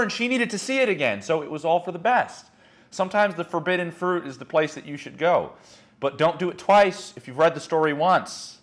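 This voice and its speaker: A fairly high-voiced young man coaching a small group on dating. He talks frankly and animatedly, full of casual "like"s, and slips into other people's voices as he tells his stories. Blunt, lively, unscripted. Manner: frank, animated storytelling, acting out quotes, many "like"s. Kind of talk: candid lecture to a small group.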